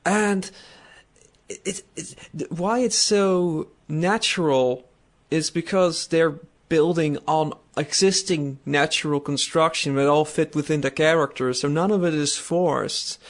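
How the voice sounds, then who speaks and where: A podcast co-host with a fairly high voice talks at a measured pace in a casual chat, rambling and laughing often.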